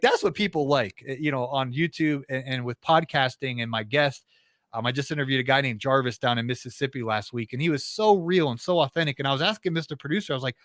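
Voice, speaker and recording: A man in a middle-range voice talks earnestly and at length, restarting his sentences as he goes. The sound is dry and close, with no room around him. It is a relaxed, casual interview exchange. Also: mid-range voice, fast, dry recording. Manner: earnest, talkative, many restarts. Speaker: podcast host, interview guest.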